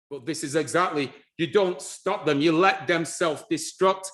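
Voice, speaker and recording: A man giving a lively presentation on history and culture, animated and repeating himself, with frequent restarts. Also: on the high side, a little slow. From United Kingdom.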